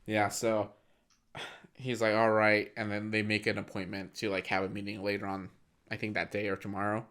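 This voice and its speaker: A man's voice: on the low side, monotone, moderate pace, fairly bright tone. A young man co-hosting a movie podcast, casually retelling scenes and acting out bits of dialogue. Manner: retells scenes, acting out lines, filler-heavy. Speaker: podcast co-host.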